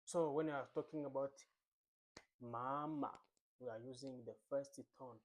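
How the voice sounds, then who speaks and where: A man's voice: mid-range voice, dark tone. A man teaching a beginner Mandarin lesson. He repeats each drill over and over, drawing out the tones and coaxing viewers to repeat after him. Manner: slow and repetitive, drawing out tone drills.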